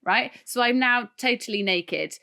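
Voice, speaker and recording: A woman co-hosting a podcast, telling a funny story in casual chat, animated and often laughing. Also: on the high side, unhurried, gravelly. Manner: animated, laughing, tells stories with voiced asides. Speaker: podcast co-host.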